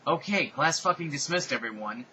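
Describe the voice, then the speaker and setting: A man's voice: on the high side, expressive, moderate pace, bright, forceful tone, slight background noise, low-quality recording. A man putting on a chummy young goth teacher. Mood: breezy. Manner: raised, breezy chatty voice.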